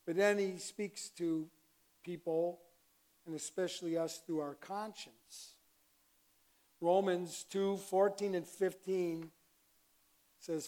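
Male pastor, conversational sermon delivery, slow pace, punches key lines loudly. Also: high voice, steady tone. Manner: conversational preaching with sudden loud emphasis.

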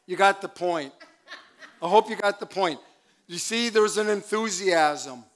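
A man's voice: high voice, a little slow, fairly bright tone. An older man, a pastor, preaching a sermon in a church, chatty with laughing asides and calls for amen. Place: church sanctuary.

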